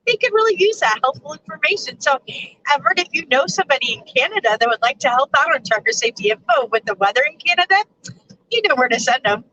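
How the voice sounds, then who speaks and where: A woman's voice: sits high, expressive, quick pace, dull audio, crowd noise. A woman trucker hosting a casual live stream from her truck cab, chatting with viewers and laughing often. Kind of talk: casual live chat reading viewer comments.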